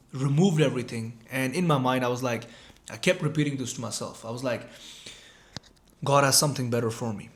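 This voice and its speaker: A young man telling a personal story in a casual, profane way, often repeating himself and saying "bro". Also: mid-range voice. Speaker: online business creator.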